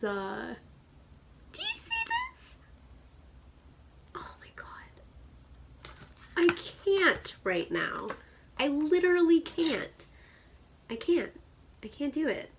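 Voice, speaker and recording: A woman's voice: on the high side, gravelly, fairly bright tone, a little hiss or hum. A woman in her thirties vlogging a beauty unboxing, gushing with squeals and dropping to whispered asides. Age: 30s. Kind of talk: excited unboxing chat.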